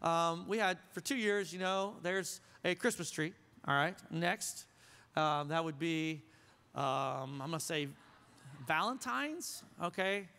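A male pastor gives a casual, joking sermon and keeps checking in with the congregation. His voice is smooth and clear, pitched high. It rings out with the long reverb of a large hall. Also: animated, slow pace, pushed and bright. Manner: conversational, joking, asks the crowd questions. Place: church sanctuary.

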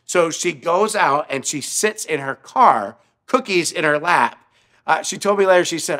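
During a sermon, a male pastor tells a story earnestly, often stammering and repeating his words. His voice is a little high and bright with a forceful tone, moving at normal speed.

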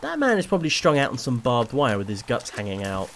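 A man's voice: medium pitch, huge pitch swings, fast talker, a bit bright, a little hiss or hum. A man giving chatty, rambling, self-deprecating commentary while playing a video game. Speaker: let's play host. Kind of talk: casual gameplay commentary.

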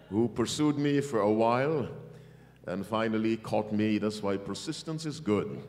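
A man's voice: fairly low pitch, big-room sound. A man preaching a revival sermon to a congregation, emphatic and calling for their responses. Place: church hall.

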